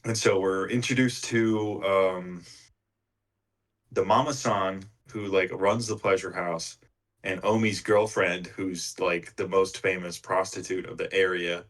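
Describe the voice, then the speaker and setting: A man's voice: sits low, flat delivery, a little slow, fairly bright tone. A man co-hosting a book club podcast, retelling the story in a rambling, casual way with lots of filler words. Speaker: podcast co-host.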